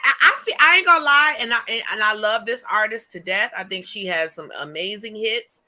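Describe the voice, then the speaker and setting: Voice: mid-range voice, a little fast, bright, forceful tone. A podcast co-host in casual chat, talking frankly.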